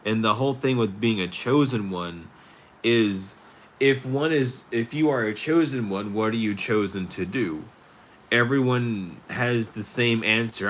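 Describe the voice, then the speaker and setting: Bright-voiced man musing on spirituality. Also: fairly low pitch, measured pace, slight background noise. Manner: rambling, many fillers, musing. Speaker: tarot stream host. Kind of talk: casual spiritual talk.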